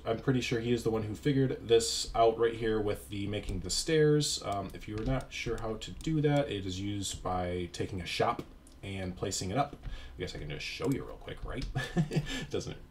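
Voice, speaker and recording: A man's voice: lowish voice, slight background noise. A young man casually commenting over his gameplay, rambling and self-deprecating, with lots of filler words. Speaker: YouTuber.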